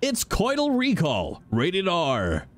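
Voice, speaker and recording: A man doing a gruff action-movie strongman. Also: high voice, huge pitch swings, takes it slowly, pitched above the performer's own voice, heavily acted. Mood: boastful. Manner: clipped heavy impression accent, boastful.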